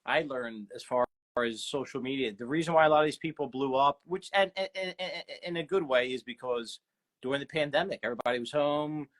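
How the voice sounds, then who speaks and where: A man's voice: mid-range voice, a bit bright. A man, hosting a casual interview and reading out viewer questions in an agreeable, chatty way. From South Philadelphia. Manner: chatty, agreeable, quick to chime in. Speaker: host.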